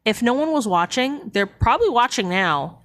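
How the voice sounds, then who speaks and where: A woman's voice: fairly high pitch, sing-song, normal speed, no echo. A woman streaming a book club, reading a novel aloud to her chat. She keeps breaking off into sarcastic, rambling asides and talks straight to her viewers between passages.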